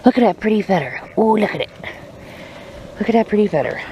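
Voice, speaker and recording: A woman's voice: medium pitch, expressive, fast, mellow. A woman on a farm, chatting casually and teasing her animals in a playful baby-talk manner. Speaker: farm vlogger. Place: outdoors on a farm with poultry. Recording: noisy outdoor farm audio. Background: clucking chickens and crowing roosters.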